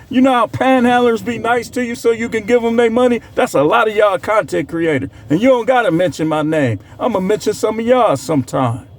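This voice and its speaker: A man delivering a heated, scolding commentary rant, sarcastic and mocking, throwing insults at his audience. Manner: heated, scolding, sarcastic, swings pitch to mock. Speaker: commentary creator. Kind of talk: ranting commentary.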